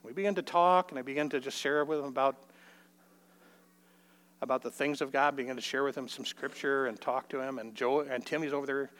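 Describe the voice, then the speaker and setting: A man's voice: fairly even intonation, fairly quick, fairly bright tone. Older man telling a folksy story. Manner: folksy, acts out the dialogue with rising pitch. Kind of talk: storytelling sermon.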